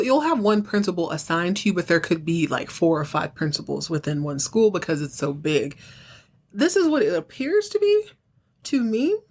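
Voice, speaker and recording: A woman hosting a podcast, casually recapping a TV episode with wry asides and acting out the characters' lines. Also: lowish voice. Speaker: podcast host.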